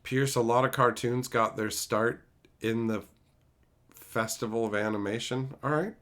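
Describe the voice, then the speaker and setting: With a medium-pitched voice and a measured pace, a streamer casually responds to chat about films. He wanders from point to point, swears freely, and keeps things animated.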